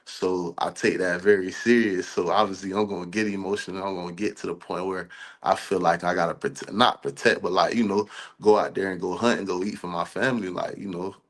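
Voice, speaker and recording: A man's voice: sits low, fairly even intonation, a little fast. A young man, a college football player, answering interview questions in a loose, earnest, conversational way. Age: young adult.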